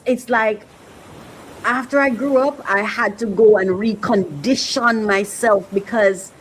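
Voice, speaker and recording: A woman's voice: medium pitch, a little hiss or hum, low-quality recording. A woman hosting a podcast, talking earnestly and reflectively, often repeating herself and getting emotional. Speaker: podcast host.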